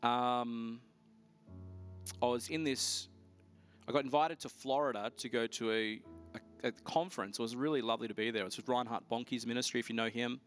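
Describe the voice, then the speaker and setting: Male pastor, mid-pitched, animated testimony style, faint music underneath. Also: normal speed. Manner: animated storytelling, voice rising sharply when excited. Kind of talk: sermon with personal testimony.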